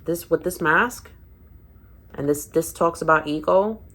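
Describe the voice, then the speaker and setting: In a low, somewhat bright voice and a slightly slow pace, a woman with a Spanish accent does a casual tarot reading for viewers. Her talk rambles, with phrases often repeated and restarted and frequent checks of "okay?"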